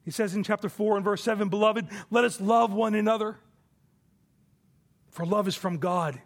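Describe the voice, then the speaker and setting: A man preaching a sermon from the pulpit, emphatic, his voice swelling for quoted scripture and dropping low and soft on key points. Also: normal speed, gravelly. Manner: emphatic preaching, rising and falling in volume. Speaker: pastor.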